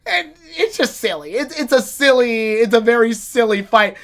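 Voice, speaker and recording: A woman's voice: a little high, animated, moderate pace. A woman giving a casual, rambling and opinionated episode review with swearing and restarts. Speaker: anime reviewer.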